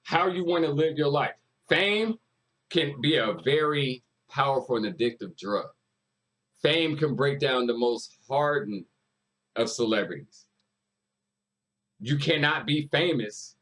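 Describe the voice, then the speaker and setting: Man, husky voice, music reaction host, casual emphatic commentary, mid pitch. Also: unhurried, pauses often, fairly bright tone, poor audio. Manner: emphatic, repeats lyrics and hypes the artist.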